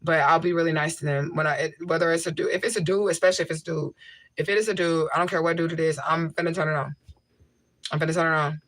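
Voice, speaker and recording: A woman's voice: sits low, fairly even intonation, fast talker, fairly bright tone, no echo. Blunt woman chatting on a livestream. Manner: blunt, repeats herself for emphasis; reads out and answers viewer comments. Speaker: livestream host. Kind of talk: casual livestream chat. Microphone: homemade tissue mic filter.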